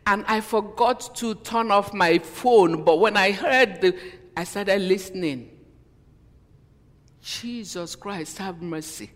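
A woman's voice: mid-range voice, measured pace. Woman preacher giving a sermon, emotional, lots of "you know", long echo like a big hall. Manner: emotional, repeats "you know", stops and restarts lines. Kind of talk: sermon, personal testimony.

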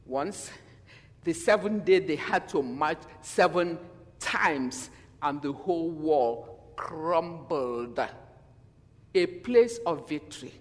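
A man preaching a sermon in a church, animated and acting out quotes in different voices, often asking the congregation questions. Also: a little high. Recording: long hall reverb.

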